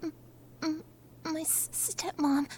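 Young woman voicing a shy nervous streamer, very high bright voice, slow halting delivery, stammering. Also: a little hiss or hum, exaggerated voice. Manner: stammering, hesitant; hushed, half-whispered at times. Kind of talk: adult audio role-play.

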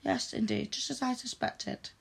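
A woman's voice: fairly high pitch, fairly even intonation, normal speed, gravelly, slightly rough. A woman performing an adult audio role-play in a stern, teasing, commanding manner.

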